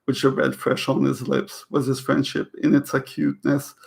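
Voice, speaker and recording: A man's voice: mid-range voice, level tone, moderate pace, gravelly. A man reading a novel aloud in a casual way, stumbling over words, rereading them, and breaking off into chatty comments. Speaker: reader of a novel. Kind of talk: casual read-aloud with asides.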